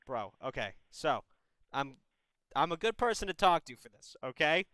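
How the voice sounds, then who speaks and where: A man's voice: fairly high pitch, sing-song, normal speed, sharp tone, clear, resonant tone, no room sound, rough recording. A man in his twenties hosting a call-in advice stream, giving blunt, profane, brotherly advice in casual chat. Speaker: advice show host.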